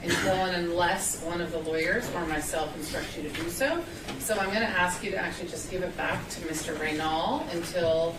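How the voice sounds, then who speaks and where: A woman's voice: fairly low pitch, a little fast. Stern woman judge giving instructions. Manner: firm, stern. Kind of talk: courtroom instructions. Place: courtroom. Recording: echoey courtroom, distant mic, noisy.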